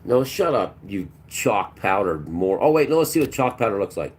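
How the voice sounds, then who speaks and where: A man's voice: lowish voice, sing-song, normal speed. A man hosting a livestream, delivering a preachy, combative monologue and talking back to his chat. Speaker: livestream host.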